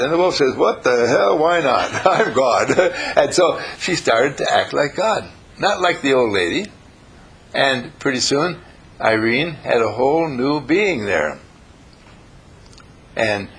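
A man preaching through a lively story, playful and animated, with a gravelly, husky voice. His pitch sits a bit high and swings widely. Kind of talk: storytelling sermon.

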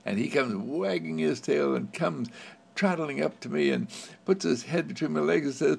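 A man giving an inspirational spiritual talk, with a gentle, repetitive, affirming cadence, often breaking into laughter. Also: on the high side, animated, moderate pace, gravelly, slightly rough. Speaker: spiritual speaker.

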